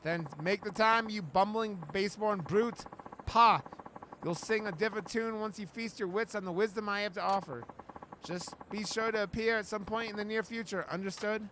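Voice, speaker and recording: A man's voice: high-pitched, steady tone, brisk, fairly bright tone, a little hiss or hum, rough recording. A man voicing a pompous, haughty male self-styled nobleman in his thirties who talks in flowery insults while reading a game aloud.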